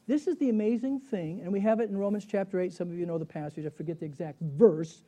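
A man teaching a sermon, animated and chuckling, who keeps putting rhetorical questions to his listeners. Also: high-pitched, fast talker, few pauses. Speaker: Bible teacher.

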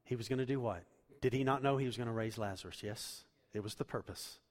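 A man's voice: medium pitch, fast talker, hardly any pauses. Impassioned male preacher in a reverberant hall. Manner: impassioned preaching, swinging from loud emphasis to hushed tones. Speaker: pastor. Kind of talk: sermon.

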